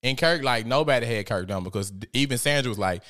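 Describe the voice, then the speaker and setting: A man's voice: medium pitch, fast, fairly bright tone. A man giving casual, profane, gossipy commentary as host, often laughing.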